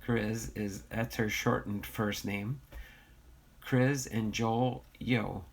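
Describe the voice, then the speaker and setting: A man's voice: lowish voice, fairly even intonation, drawn-out words, creaky. An American man hosting a casual livestream, reading viewer comments aloud and bantering, with a slightly nasal voice. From United States. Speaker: livestream host.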